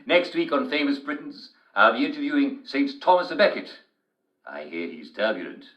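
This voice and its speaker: An actor playing a smarmy TV presenter with jovial, theatrical patter. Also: male voice, mid-range voice, sing-song, normal speed, a bit bright, echoey room, muffled recording. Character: Uncle Jack, smarmy English TV show host.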